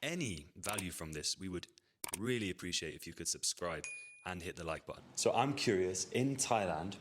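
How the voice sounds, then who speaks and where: A British man with a fairly low voice hosts a casual podcast chat, asking his guest questions in a friendly, joking way. A clear hiss of background noise runs under his voice throughout. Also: lively intonation, moderate pace. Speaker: podcast host.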